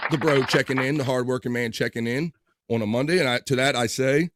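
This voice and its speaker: An upbeat man hosting a live online show, moving through viewer comments in a relaxed, chatty way. His voice sits at an ordinary male pitch. He teases and jokes easily with his audience. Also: brisk, heavy background noise. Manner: upbeat, joking banter with the chat and co-host. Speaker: live stream host. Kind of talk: casual live-stream chat, reading viewer comments.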